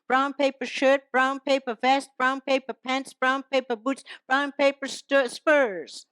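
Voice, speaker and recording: Brief: matter-of-fact Wild West barman, flat and unhurried, voiced by a woman. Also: high-pitched, no echo, pitched above the performer's own voice. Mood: deadpan. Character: laconic male saloon barman.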